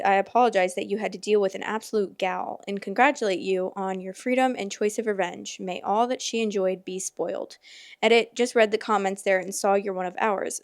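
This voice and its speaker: A woman's voice: mid-range voice, no echo. Chatty woman on a dry close mic. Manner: chatty, filler-heavy, exclamatory. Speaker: podcast host reading stories. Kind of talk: casual chat and reading aloud.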